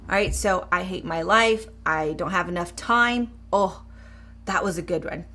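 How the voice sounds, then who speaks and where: A middle-aged woman coach who speaks straight to her viewers with upbeat encouragement and leads a short eyes-closed exercise in a softer voice. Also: on the low side, a little slow. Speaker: mindset coach. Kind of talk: live coaching demonstration.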